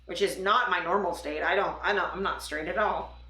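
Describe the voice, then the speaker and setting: A young woman from Toronto, Canada, chats casually on a livestream from a room at home, swearing freely and rambling with fillers. Her voice is fairly low, fairly quick, bright and forceful, with slight background noise. Music plays and the room gives a noticeable echo.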